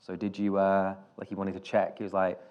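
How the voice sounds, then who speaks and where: A British film director telling stories on stage in an interview, rambling and self-deprecating, with many restarts. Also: male voice, low-pitched, completely flat delivery, brisk, muffled recording, background noise. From Britain.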